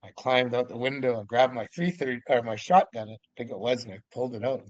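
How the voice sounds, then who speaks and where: A man telling a story as a podcast guest, in a lively, casual way that acts out the scenes. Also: medium pitch, fast talker, hardly any pauses, no room sound. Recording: dull lo-fi audio.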